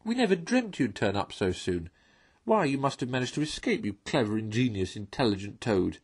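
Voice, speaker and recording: A man voicing a hungry, grumpy, excitable male mole in a storybook reading, high and fussy. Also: brisk, husky. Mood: delighted.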